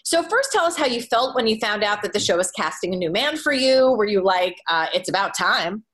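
A woman interviewing a guest, asking measured questions. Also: medium pitch, animated, a bit bright. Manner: brief affirmations, measured questions.

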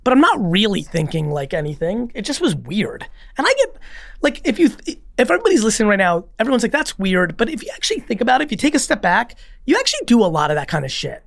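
A man as a podcast guest, telling a personal story in a casual, rambling, animated way with free swearing. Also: sits high, fast, gravelly, no echo.

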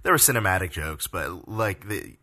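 A man with a very low voice and a bright, forceful tone co-hosts a casual podcast. He is playful and teasing, and he works through his thoughts out loud with frequent pauses. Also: very animated. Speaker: podcast co-host.

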